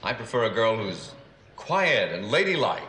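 A man's voice: on the low side, big pitch swings, normal speed, noisy background. An actor playing a fussy, refined man in a 1970s sitcom clip. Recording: sitcom clip with music, roomy.

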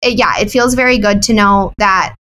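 A woman's voice: mid-range voice, moderate pace, sharp tone, a little hiss or hum, low-quality recording. A woman who owns a wellness business, chatting candidly and animatedly as a guest in an interview. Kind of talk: casual interview chat.

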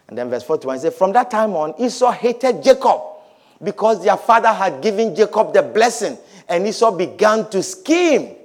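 A man preaching a sermon as a pastor, swinging between quiet, drawn-out words and shouted blessings. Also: high-pitched, big pitch swings.

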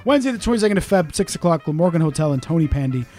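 A man's voice: on the high side, animated, very fast, darkish tone, soft background music. A man co-hosting a podcast, telling a grumpy, profane story while in pain. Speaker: podcast co-host. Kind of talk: casual podcast chat.

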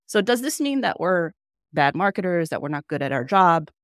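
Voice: mid-range voice, very animated, moderate pace, a bit bright, no room sound, clean studio sound. A tech marketer and podcast co-host giving a candid presentation to fellow marketers, telling a story with self-deprecating asides.

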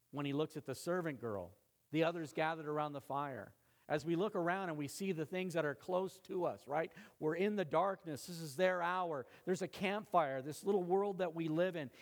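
Man preaching in a conversational sermon. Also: fairly high pitch. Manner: conversational preaching, swelling louder for emphasis. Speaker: pastor.

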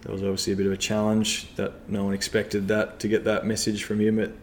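A man, a club cricketer talking casually in an interview, relaxed and rambling with lots of fillers. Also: lowish voice, fast, slight background noise.

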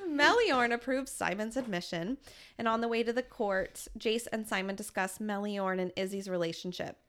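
A woman's voice: mid-range voice, animated, normal speed, fairly bright tone. A woman in her thirties hosting a casual podcast chat, recapping a book in a playful way with frequent laughter. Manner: laughs often, playful and chatty.

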